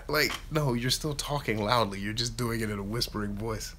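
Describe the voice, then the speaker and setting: Man, thirties, casual live Q&A host, animated, reads viewer questions, low voice. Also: moderate pace, few pauses, a little hiss or hum. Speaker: YouTube host answering live chat.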